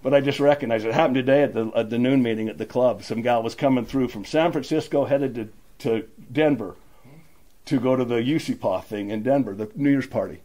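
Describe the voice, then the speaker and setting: A man's voice: medium pitch, fairly quick, warm tone. An older man sharing his personal recovery story at a meeting, plainspoken and emotional. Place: meeting room.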